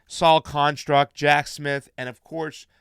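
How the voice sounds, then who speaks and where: Host, male, casual and chatty, reads shout-outs; slightly high, smooth, dry studio sound. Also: little pitch movement, slow pace, dry recording. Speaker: political show host. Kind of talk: casual live-stream chat.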